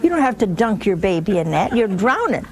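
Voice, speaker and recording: A woman's voice: medium pitch, very animated, fairly quick, background noise. A woman hosting a religious call-in show, preaching emphatically and repeating key words for force. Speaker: religious TV host taking calls.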